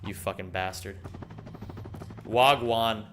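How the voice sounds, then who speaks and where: A man's voice: on the low side, slow pace, a bit bright, slight background noise. A young man live-streaming a game, chatting casually, thanking viewers and swearing freely as he rambles. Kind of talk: casual live-stream chat while gaming.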